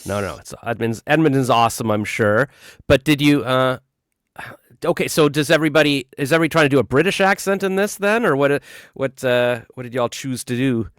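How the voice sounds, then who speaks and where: A man's voice: medium pitch, brisk, a bit bright, dry recording, clean studio sound. A man hosting an interview, joking and teasing his guests in casual chat. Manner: jokey, playful, teasing the guests. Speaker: interviewer host.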